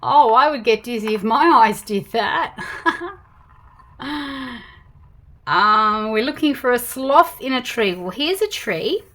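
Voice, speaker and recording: An Australian woman reading a picture book aloud to young children, slow and animated, with gasps of surprise. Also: a little high. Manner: animated, gasping, slow and exaggerated for toddlers. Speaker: storytime host reading picture books.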